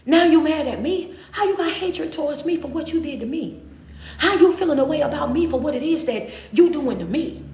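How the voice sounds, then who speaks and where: High-voiced woman preaching in a roomy echo. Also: lively intonation, brisk, darkish tone. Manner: preachy, repetitive, rhetorical questions, laughs often. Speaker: motivational speaker. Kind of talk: animated motivational talk.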